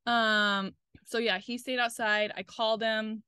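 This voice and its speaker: A young woman with a fairly high voice tells a personal story in a loose, candid way, swearing freely and slipping into quick asides. She talks as a podcast co-host, recorded close on a dry microphone with no room sound. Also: level tone, pushed and bright, clean tone, dry recording. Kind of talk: casual storytelling chat.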